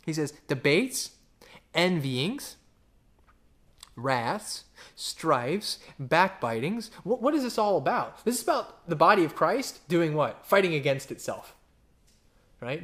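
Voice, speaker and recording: Young male preacher, lively verse-by-verse sermon, repeats for emphasis, voice a bit high. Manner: animated, acts out quoted voices, repeats phrases. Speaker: pastor. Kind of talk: verse-by-verse Bible teaching.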